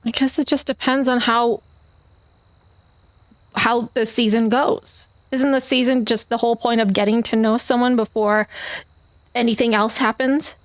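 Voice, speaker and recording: A woman player speaking in character in a tabletop role-play, playful and quick to laugh. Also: fairly high pitch, steady tone, no echo.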